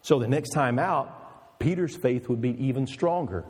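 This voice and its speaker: A man's voice: mid-range voice, moderate pace, darkish tone, husky, big-room sound. A male pastor preaching an emphatic, storytelling sermon with rhetorical questions.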